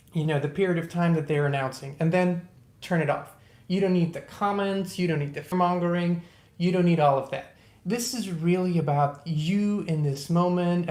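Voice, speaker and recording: Calm soothing livestream host, roomy sound. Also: medium pitch. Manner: calm, soothing, guides slow breathing; greets viewers by name in several languages. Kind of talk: motivational livestream talk.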